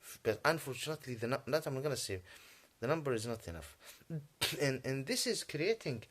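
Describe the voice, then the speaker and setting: A native Arabic-speaking man delivering a rambling, agitated monologue in English, halting often and clearing his throat. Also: medium pitch, very animated, a bit bright. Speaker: vlogger.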